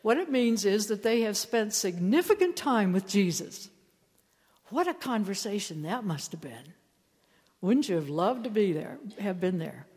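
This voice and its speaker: Woman preacher, storytelling sermon, mid-pitched voice, long church reverb. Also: big pitch swings, unhurried, darkish tone, slightly rough. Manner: storytelling, acts out quoted lines playfully.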